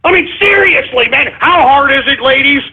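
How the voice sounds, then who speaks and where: A man's voice: very high-pitched, lively intonation, normal speed. A man hosting a talk radio show, ranting and rambling, repeatedly asking "all right?", over a tinny phone-line sound.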